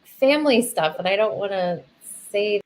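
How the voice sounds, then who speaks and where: A woman on a live podcast stream, sharing a personal story softly and earnestly in casual chat. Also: mid-range voice, animated, moderate pace. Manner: soft, earnest and trusting storyteller. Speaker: podcast host.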